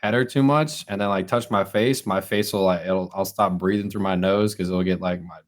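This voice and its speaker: A man's voice: low-pitched, fairly even intonation, fairly quick. A young man co-hosting a podcast in casual chat, a rambling storyteller talking through a stuffed-up nose. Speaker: podcast co-host.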